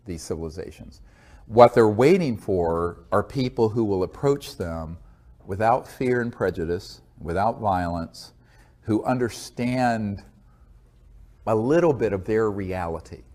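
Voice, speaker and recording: An American man with a low, darkish voice answers interview questions as a guest. He responds in an earnest, measured way.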